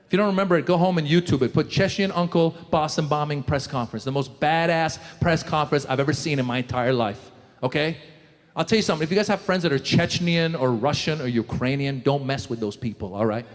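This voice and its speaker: A man doing a stand-up comedy set, animated, slipping into loud impressions of the people in his jokes. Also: fairly high pitch, quick pace. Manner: animated, jumps into shouted impressions. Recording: live show in a large hall.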